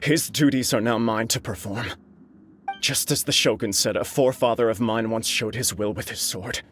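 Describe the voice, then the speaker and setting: A man's voice: medium pitch, normal speed, a bit bright, lightly acted. A man playing a remorseful, resolute young noble. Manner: earnest, grave. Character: guilt-ridden young noble man, resolved despite his weakness. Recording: game audio with clear music. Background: game music.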